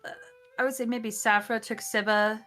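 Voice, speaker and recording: A woman's voice: fairly high pitch, level tone, moderate pace, a bit bright, faint music behind. A woman playing in a tabletop game, chatting casually and describing her character's actions. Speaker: player.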